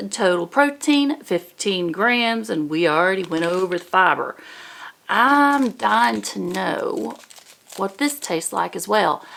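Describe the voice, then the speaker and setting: A slow-talking woman with a Southern US accent, chatting through an unboxing and reading nutrition labels out one item at a time. Her pitch sits in an ordinary middle range, and her manner is relaxed and conversational. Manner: chatty, reads labels aloud slowly. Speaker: unboxing vlogger. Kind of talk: casual product review.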